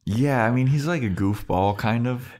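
A man's voice: medium pitch, moderate pace. A man co-hosting a podcast, recapping an episode in casual chat and playfully acting out the characters' lines. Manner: animated storytelling, acts out characters' lines in funny voices. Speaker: podcast co-host.

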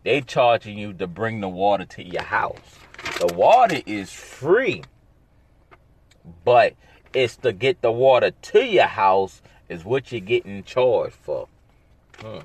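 Male solo podcast host, unhurried drawl, sarcastic and blunt, audible background noise. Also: fairly low pitch, very animated. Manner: rambling, sarcastic, blunt, with asides. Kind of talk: casual solo podcast monologue.

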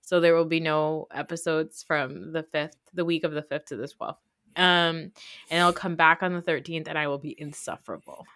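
A woman's voice: deep voice, steady tone, moderate pace, a bit bright, no room sound, clean studio sound. A woman in her thirties with a New Jersey accent, hosting a podcast in casual, rambling chat full of fillers. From United States. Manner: rambling, chatty, many fillers. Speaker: podcast host.

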